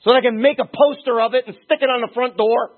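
A man preaching a sermon in an animated way, moving between quiet asides and shouted emphasis, with a husky voice. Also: very high-pitched, quick pace. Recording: tinny phone-like sound.

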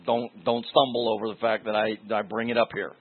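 A man's voice: on the low side, little pitch movement, fairly quick, breathy edge. A man preaching a sermon in a conversational way, repeating key phrases for emphasis. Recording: tinny phone-like sound.

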